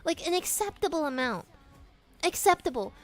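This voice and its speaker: A woman's voice: very high-pitched, sing-song, normal speed. A young woman streamer chatting casually with her viewers, giggling often, swearing freely and reading their questions aloud. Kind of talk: casual live-stream chat.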